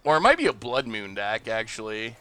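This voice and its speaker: A man hosting a live game stream, thinking out loud about his plays and bursting into loud cheers when things go his way. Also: fairly low pitch, sing-song, brisk, no room sound, faint music behind. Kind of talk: live gameplay commentary.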